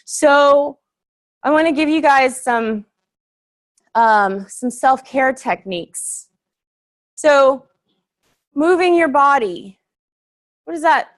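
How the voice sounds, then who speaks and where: A woman's voice: sits high, lively intonation, slow pace, pauses often. Chatty woman giving an earnest workshop talk. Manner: earnest, chatty, laughs easily, many fillers. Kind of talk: casual presentation to a group.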